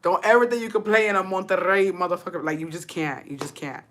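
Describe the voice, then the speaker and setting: A woman's voice: fairly low pitch, expressive, a bit bright, slight background noise. A woman telling a story to her live chat, cursing freely and switching between English and Spanish. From Texas. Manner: profane, switches into Spanish, quick laughs. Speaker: streamer.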